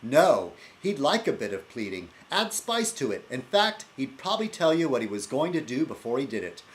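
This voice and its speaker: A theatrical, dissolute young Englishman with an English accent, as a man puts him on, raised well above his own pitch. He rants with sneering scorn, and his voice leaps up and down. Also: sing-song, moderate pace, a little hiss or hum, natural voice. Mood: mocking. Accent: English (put on, rough).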